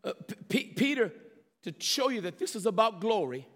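A man preaching a sermon, animated, with rhetorical questions and repeated phrases. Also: high-pitched, moderate pace. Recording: long reverb of a large hall.

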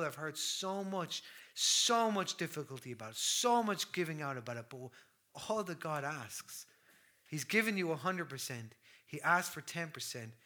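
Bright-voiced preacher, impassioned. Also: male voice, fairly high pitch. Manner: impassioned, swinging from loud declarations to hushed near-whispers. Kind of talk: sermon.

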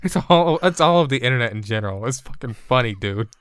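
A man's voice: medium pitch, lively intonation, quick pace, clean tone, no echo, studio quality. A man co-hosting a casual podcast chat. He jokes a lot, swears freely and laughs at his own bad puns. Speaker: podcast co-host.

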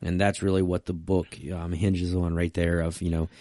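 A man's voice: deep voice, flat delivery, normal speed, warm tone, no room sound, studio quality. A man co-hosting a casual church talk, reading scripture and book quotes aloud. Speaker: co-host. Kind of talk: casual church podcast chat.

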